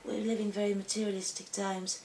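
A woman's voice: medium pitch, little pitch movement, fairly quick, darkish tone, roomy sound, distant mic, slight background noise. A woman singer-songwriter answering interview questions casually and hesitantly, often searching for her words.

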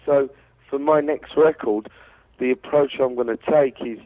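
Relaxed man with a dry sound. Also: mid-range voice, unhurried, dry recording, poor audio. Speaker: DJ and producer guest. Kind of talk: casual interview answers.

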